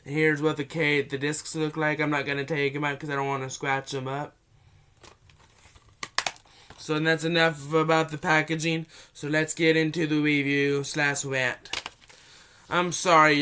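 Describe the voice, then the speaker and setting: A young man with a cold giving a casual, rambling movie review vlog, often restarting his sentences and gushing with excitement. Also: on the high side, a little hiss or hum. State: has a cold.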